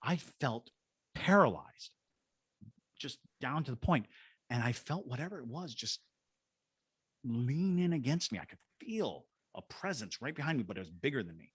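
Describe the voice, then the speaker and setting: Speaking at a moderate pace in a mid-range, sing-song voice with a breathy edge, a middle-aged Georgia man recounts a story on a podcast and performs its characters' voices. He works as a paranormal investigator and ghost tour guide, and there's no room sound.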